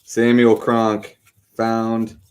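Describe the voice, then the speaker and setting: A man's voice: on the low side, completely flat delivery, drawn-out words. A middle-aged man casually hosting an online trivia game, prodding with joking questions.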